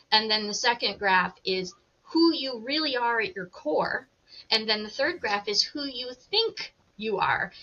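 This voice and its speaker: Bright-voiced woman coach, lively. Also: medium pitch, muffled recording. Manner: lively, laughs easily. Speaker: coach and guest. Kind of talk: casual interview explanation.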